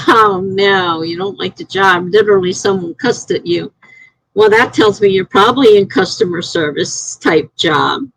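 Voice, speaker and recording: A middle-aged woman talks casually on her live stream, rambling from one story to the next. Her voice has a gravelly edge, and the sound is dry and close with no room around it. She grows animated when something offends her. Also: mid-range voice, measured pace, no echo, poor audio. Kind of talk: casual live-stream chat reading comments.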